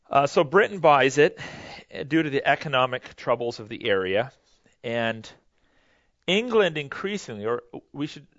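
A man's voice: medium pitch, a bit bright, no room sound, dull audio. Conversational man giving a history lecture. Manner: conversational, loose, self-correcting, many fillers. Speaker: teacher.

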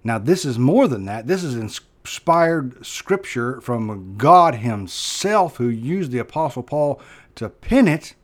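A pastor preaching with earnest feeling, his voice at a middle pitch. He hammers key words louder, then falls to a hushed, slow close. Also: big pitch swings. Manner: earnest, emphatic preaching with sudden loud stresses and hushed drops. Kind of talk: sermon.

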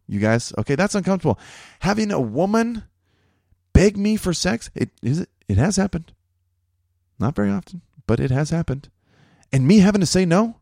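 A man's voice: darkish tone, no echo. Rambling, crude-joking man with a dry sound. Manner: rambling, crude, jokey, laughs at own jokes; swings up in pitch when worked up. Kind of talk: casual monologue.

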